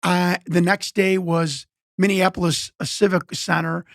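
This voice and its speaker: A middle-aged man with a high, gravelly voice spins loose, winding stories and slips into voiced quotes as he goes. The sound is dry and close, with no room around it. He stops and restarts often and wanders from one tale into the next. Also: level tone, unhurried, fairly bright tone, dry recording. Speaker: interview guest, former pro wrestler. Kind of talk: casual storytelling.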